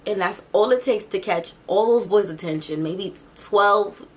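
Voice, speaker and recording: A young woman telling a storytime vlog, acting out the people she quotes in an animated way. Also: unhurried, few pauses. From New York City. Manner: animated, acts out quotes with big pitch jumps. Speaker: YouTube vlogger.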